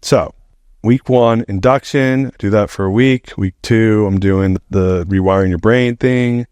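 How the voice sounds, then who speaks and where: A man's voice: fairly low pitch, a little slow, clear, resonant tone, dry recording. A middle-aged man, a podcast guest, telling a story in a casual, rambling way, swearing freely and saying "like" often. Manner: animated, rambling, heavy use of "like", swears freely.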